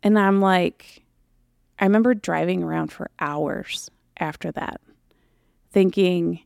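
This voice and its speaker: A podcast host tells her own personal story candidly and haltingly, filling it with lots of fillers. Her voice is low, gravelly and darkish, and she speaks slowly. The recording is dry and close, with no room sound at all.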